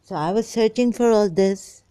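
A woman's voice: mid-range voice, normal speed, warm tone, no room sound. A woman giving an informal, rambling religious talk, reading verses aloud and commenting on them with many fillers and restarts.

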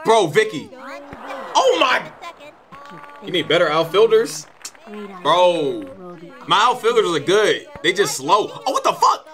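A man doing casual, excitable commentary over a baseball video game, swearing and trash-talking his own players. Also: sits high, takes it slowly, long pauses. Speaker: gaming YouTuber.

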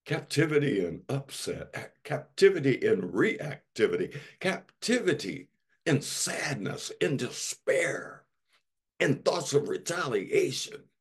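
A male pastor delivering a sermon, slow and emphatic, leaning on dramatic repetition. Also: medium pitch, very animated, slightly rough.

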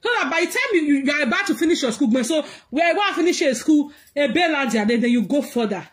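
A Nigerian woman ranting in vlog commentary, mixing pidgin and English, laughing through her words and shouting out bursts as she scolds. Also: high voice, expressive, fast talker. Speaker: social media commentator.

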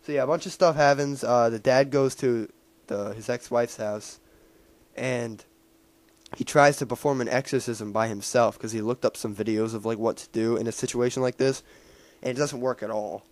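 Male reviewer, casual and rambling, full of fillers and restarts, mid pitch. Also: fairly even intonation, normal speed, no echo. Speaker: movie reviewer. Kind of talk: casual spoken movie recap.

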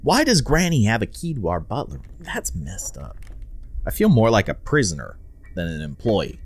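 Young guy playing a game and joking around, super lively voice, keeps restarting his words. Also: on the low side, moderate pace. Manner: playful, self-amused, chatty with repeated restarts. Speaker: gaming video host. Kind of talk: let's play commentary.

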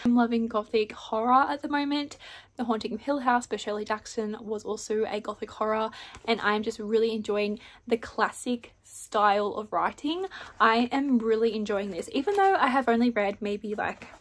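A woman's voice: fairly high pitch, a bit bright. A young woman chatting casually to camera about her reading, candid and full of little fillers. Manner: chatty, candid, peppered with "like" and "I don't know". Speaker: book vlogger. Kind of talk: casual reading vlog chat.

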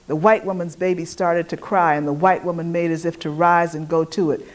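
A woman reading literary fiction aloud at a poetry event, measured and expressive. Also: fairly low pitch. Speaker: reader.

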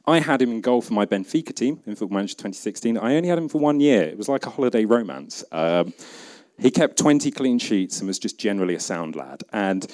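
A man's voice: fairly low pitch, animated, fast talker, a little mellow. A man with a British accent giving a humorous conference talk, chatty and jokey, acting out bits of imagined dialogue. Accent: British English. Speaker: conference speaker. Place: conference event.

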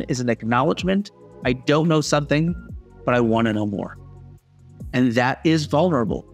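A man hosting a podcast, giving a reflective spoken lesson in an earnest, measured tone. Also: mid-range voice. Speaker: podcast host and father.

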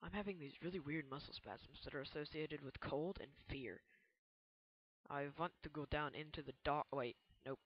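A gamer giving casual gameplay commentary in a rambling, chatty way, yelping high when startled. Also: normal speed, breathy edge, muffled recording. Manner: chatty, rambling asides to viewers. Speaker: let's play gamer.

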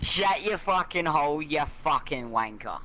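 A man's voice: fairly high pitch, expressive, normal speed, a crowd in the background. A man swearing and trading insults with other players in a VR game's voice chat. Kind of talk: casual chat in a VR game.

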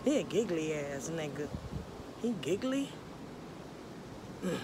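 A woman's voice: low voice, very animated, slow, background noise. A woman, vlogging casually in a chatty, dramatic, self-mocking way, out of breath. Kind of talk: casual vlog talking to viewers. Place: outdoors by a pool.

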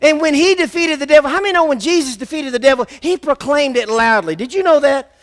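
Pastor, male, very high and bright-toned, emphatic sermon with call-and-response. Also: quick pace. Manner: emphatic, repetitive, calls on the congregation to respond. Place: church.

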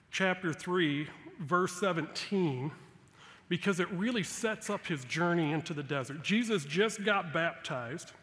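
A man delivers a sermon from the pulpit of a church sanctuary. His voice sits high, and he drives his points home with emphatic bursts. The long reverb of the hall trails every phrase. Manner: emphatic preaching, rising loud on key points. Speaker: guest pastor.

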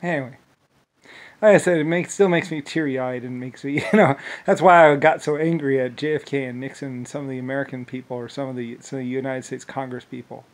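A man's voice: mid-range voice, fairly even intonation, a little fast, poor audio. A man talking in a rambling monologue, restarting phrases often and breaking into laughter.

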